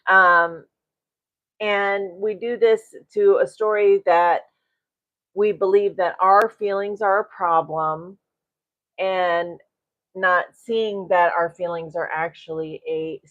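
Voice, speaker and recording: A woman's voice: fairly low pitch, steady tone, slow, a bit bright, highs cut off. A middle-aged woman coaching a live-streamed self-development class, greeting viewers and often tagging her points with "right?" and a chuckle.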